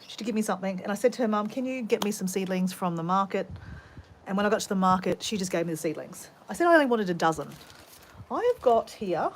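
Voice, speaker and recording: A woman's voice: medium pitch, slight background noise. A woman with an Australian accent, chatting in a rambling way to live viewers while she gardens at home. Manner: chatty, rambling storyteller, greets viewers mid-sentence. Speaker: vlogger.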